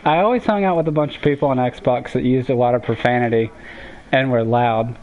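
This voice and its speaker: A man's voice: mid-range voice, a little fast, lo-fi sound. A man giving casual let's-play commentary, telling rambling stories in a laid-back way with plenty of swearing. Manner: rambling, laid-back storytelling with profanity and laughs. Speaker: game commentator.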